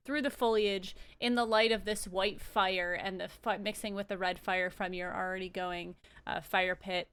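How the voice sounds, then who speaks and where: Bright, clear-voiced woman game master. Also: mid-range voice, steady tone, moderate pace, few pauses. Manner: casual, searching with fillers. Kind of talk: narrating a tabletop game.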